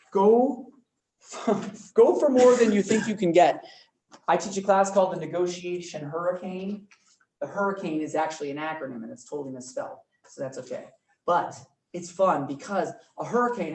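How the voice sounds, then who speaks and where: Energetic man teaching a class, far mic. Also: on the high side. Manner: energetic, quizzes the class often. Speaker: real estate trainer. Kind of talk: live classroom training talk. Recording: roomy room, mic from far off, faint noise.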